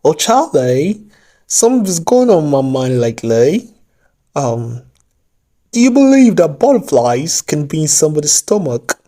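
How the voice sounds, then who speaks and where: A man's voice: on the high side, sing-song, measured pace, warm tone, voice pushed up. A man putting on a fake British accent to play a dreamy, lovestruck romantic for a joke.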